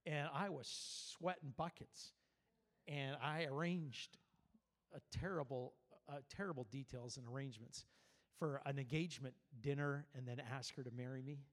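A man's voice: mid-range voice, steady tone, moderate pace. A male pastor preaching to his church, talking in a conversational way with personal stories and frequent restarts. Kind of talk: sermon. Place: church service.

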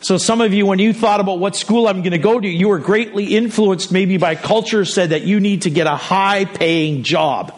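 Man, middle-aged, pastor, high-pitched, conversational sermon, self-interrupting, jokey asides. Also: normal speed, hardly any pauses.

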